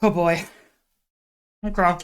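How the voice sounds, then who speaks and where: A woman's voice: lowish voice, steady tone, takes it slowly, smooth. British streamer lady, rambly, laughs at herself a lot, chatting live. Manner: self-deprecating, rambling, laughs often. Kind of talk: casual live-stream chat and reading.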